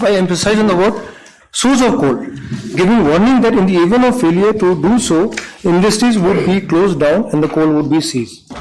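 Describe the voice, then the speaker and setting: Deferential lawyer. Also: male voice, sits high, darkish tone, slight background noise, poor audio. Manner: deferential, halting, repeats "Lordship". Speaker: government counsel. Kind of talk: courtroom submission. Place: courtroom.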